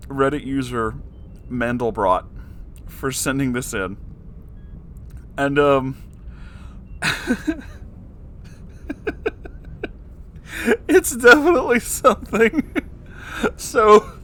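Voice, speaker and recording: A young man reading bad fanfiction aloud, slow and amused, with incredulous asides. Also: mid-range voice, a bit bright, a little hiss or hum. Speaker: fanfiction reader. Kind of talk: comedic story reading.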